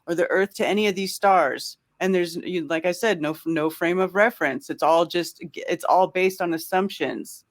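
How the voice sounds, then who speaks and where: Brief: man, higher-pitched, podcast guest, casual and filler-heavy delivery. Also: normal speed, few pauses. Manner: loose, conversational, filler-heavy. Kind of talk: casual interview chat.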